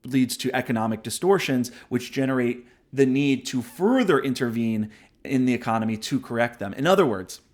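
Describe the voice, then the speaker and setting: A man's voice: mid-range voice, animated, normal speed, darkish tone. A man hosting a book review show, explaining ideas in casual spoken commentary, often checking in with "right?" and admitting when he digresses. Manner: conversational, explains ideas with frequent "right?" tags; self-aware digressions.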